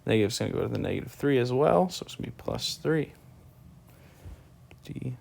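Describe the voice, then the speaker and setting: Here a math teacher with a mid-range, slightly mellow voice speaks briskly and expressively, with some vocal fry. He talks his way through calculus steps as he writes in a casual screen-recorded lesson, drowsy and yawning.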